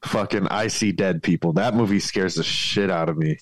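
Casting: male podcast guest, lowish voice, crude swearing banter, dry close mic. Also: moderate pace, no echo. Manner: crude, profane, joking banter. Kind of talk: casual podcast chat.

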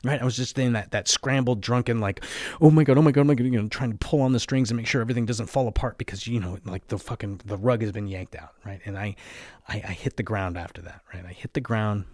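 A man's voice: fairly low pitch, fairly even intonation, fast, no room sound. A young man telling his own story in a candid, confessional way, swearing often and tagging lines with "right?". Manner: candid, profane, fillers of "right?" and "like". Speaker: podcast host.

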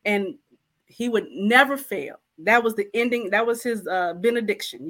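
A woman's voice: medium pitch, lively intonation, normal speed, fairly bright tone. A woman guest co-author, telling her personal testimony candidly and acting out her own prayers.

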